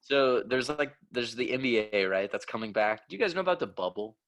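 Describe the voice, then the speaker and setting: A man's voice: medium pitch, expressive, brisk, fairly bright tone. A man co-hosting a podcast, chatting casually in a rambling, profane way. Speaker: podcast co-host. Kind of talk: casual chat.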